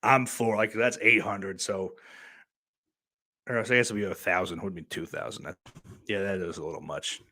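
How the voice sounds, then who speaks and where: A young man hosting a podcast, telling a story in a rambling, casual way, swearing often, with lots of fillers and sudden loud bursts. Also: low voice, fairly even intonation, normal speed, pauses often, no echo. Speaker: podcast host.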